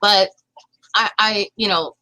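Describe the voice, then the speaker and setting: A woman's voice: mid-range voice, steady tone, takes it slowly, bright, forceful tone, no echo, rough recording. A woman, giving impassioned political commentary in a vlog, indignant and often restarting her sentences. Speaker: vlogger.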